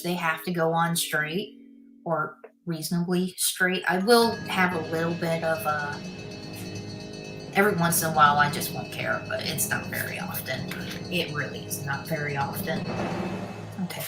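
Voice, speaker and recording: A woman's voice: on the low side, normal speed. Chatty woman livestreaming over music. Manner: chatty, answers viewer comments aloud; mutters to herself while building. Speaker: livestreamer building a set. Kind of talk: casual livestream chat. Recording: music playing under the voice.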